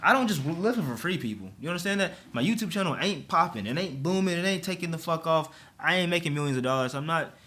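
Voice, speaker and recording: Animated young man ranting. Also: fairly high pitch, fast, few pauses. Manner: animated, profane, slangy. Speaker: vlogger. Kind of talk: casual storytime rant.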